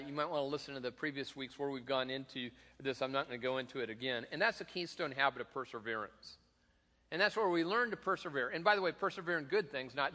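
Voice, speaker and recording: In a church sanctuary, a middle-aged pastor preaches in a conversational, joking manner full of fillers and restarts. His voice is on the high side, bright and forceful, and the large hall adds long reverb.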